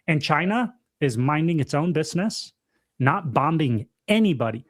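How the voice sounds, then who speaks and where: A young man co-hosting a podcast livestream, telling stories in an animated, casual way full of fillers and laughs. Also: fairly high pitch, normal speed. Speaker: podcast co-host.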